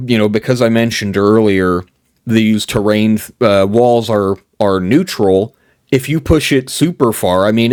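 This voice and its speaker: A man with a fairly low voice talks through tabletop game rule ideas as the host of his own show. He thinks aloud in a loose, conversational way. The sound is close and dry. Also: darkish tone, no room sound. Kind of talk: casual explainer of tabletop game house rules.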